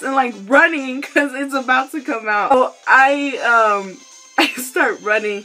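A fairly high-pitched young woman tells a story to her camera in a loose, candid vlog style. She giggles through it, swears freely and keeps apologizing to her viewers, with faint instrumental music under her voice. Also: measured pace, sharp tone, poor audio. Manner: giggly, breaks into laughter often; candid and profane, apologetic asides. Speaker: vlogger.

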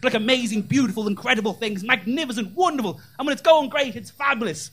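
High-voiced man doing profane stand-up. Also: fast talker, a bit bright, breathy edge. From Ireland. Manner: conversational, profane, self-deprecating storytelling. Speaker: stand-up comedian. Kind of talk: stand-up comedy set. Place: comedy club stage.

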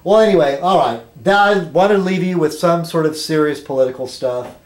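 A man vlogging, reading a news item aloud haltingly and then rambling through political commentary, tripping over foreign words. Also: fairly high pitch. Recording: echoey room.

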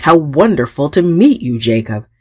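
A woman voicing a warm older uncle who greets his nephew heartily, in a children's storybook. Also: low voice, very animated, normal speed, slightly rough, no echo, studio quality, pitched below the performer's own voice, heavily acted. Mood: welcoming. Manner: hearty welcoming.

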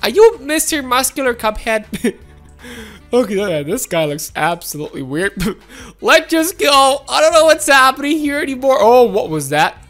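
High, lively woman narrating gameplay. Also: moderate pace, soft background music. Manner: excitable, gasping and laughing, talks to viewers. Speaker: gameplay video host. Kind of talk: excited gameplay commentary.

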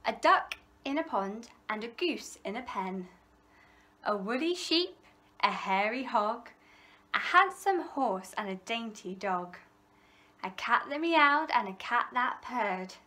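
A woman reading a rhyming picture book aloud for children, with a rhythmic, expressive delivery and playful animal noises. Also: fairly high pitch, slow pace. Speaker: library storyteller.

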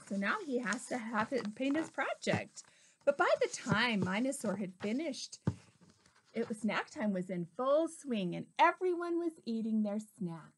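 A woman reading a picture book aloud to a preschooler, stopping to talk to the child in an animated way. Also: on the high side, a little slow, a little hiss or hum. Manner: animated, talks to the child between lines. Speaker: storyteller.

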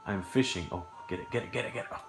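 A man giving casual let's-play commentary at home, thinking aloud and getting puzzled and excited over a game. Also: lowish voice, rapid-fire. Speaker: gameplay commentator. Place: home living room, on a sofa. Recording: echoey room with game music behind.

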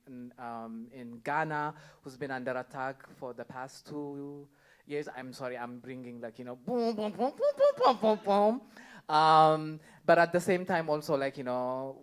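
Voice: medium pitch, clear, resonant tone. A stand-up comedian doing a live set on a club stage, chatty and laughing along, with constant "like, you know" fillers.

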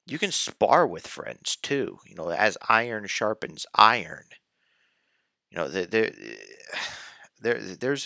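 A man talks through ideas at an unhurried, deliberate pace in a casual discussion. His voice is bright and a little tense, fairly low, and he often restarts mid-thought. The sound is dry and close. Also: vocal fry, dry recording. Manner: slow, hesitant, with restarts and sighs. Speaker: co-host of a philosophy discussion.

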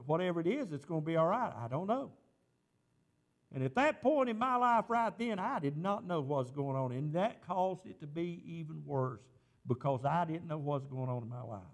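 A man's voice: a little high, animated, normal speed. A male pastor preaching a sermon, telling a personal story and rising into impassioned preaching.

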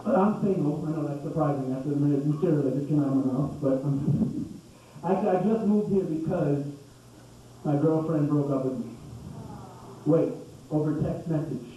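A man doing a stand-up comedy set, ranting loudly and incredulously, swearing freely and bantering with the crowd. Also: a little high, moderate pace, slight background noise. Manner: loud, profane, incredulous rants with audience banter. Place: comedy club stage. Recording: roomy, distant, dull club recording.

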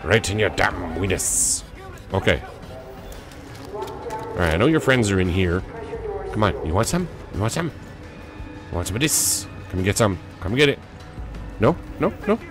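Low-voiced man frantically narrating his gameplay. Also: sing-song, moderate pace, long pauses, music in the background. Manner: frantic, jokey reactions. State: has a cold. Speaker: let's play gamer. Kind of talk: gaming commentary.

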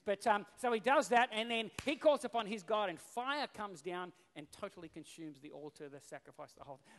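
A male pastor preaching a sermon, telling the story in an animated, casual way. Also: high-pitched, a little fast, hardly any pauses. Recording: long reverb in a hall.

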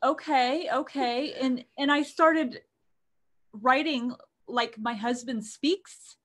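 A woman from the United States chats casually as a podcast co-host. Her voice sits a little high, and she rambles warmly through her points, leaning on plenty of fillers. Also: slow. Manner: chatty, rambling with many fillers. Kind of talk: casual chat.

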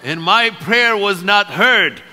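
High-voiced preacher in a reverberant church. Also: male voice, expressive, takes it slowly, pushed and bright. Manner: emphatic, repetitive preaching cadence. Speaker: pastor. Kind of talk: sermon. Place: church sanctuary.

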